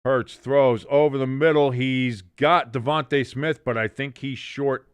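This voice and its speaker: A man's voice: mid-range voice, fairly even intonation, a little slow, clear, resonant tone, dry recording. Man calling plays with dry jokes. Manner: jokey, self-correcting, reads chat aloud. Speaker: watch-along host. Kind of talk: live play-by-play commentary.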